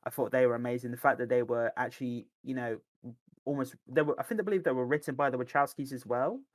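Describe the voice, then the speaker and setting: Here a male podcast co-host talks quickly in a mid-range voice, with no echo. His casual, enthusiastic chat about films and games wanders, full of restarts.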